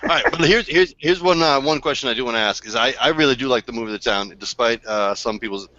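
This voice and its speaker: A man with a Boston accent hosting a podcast, chatty and quick to laugh. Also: medium pitch, bright, forceful tone. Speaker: podcast host. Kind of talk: casual chat. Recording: dull dry sound, video call.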